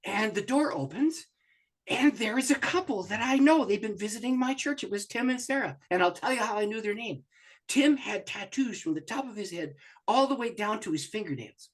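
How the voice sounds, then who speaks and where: A pastor tells a story in an animated way, his pitch swinging widely as he acts out the people in it. His voice is slightly husky, and he laughs easily between lines. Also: fairly quick. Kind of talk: storytelling in an interview.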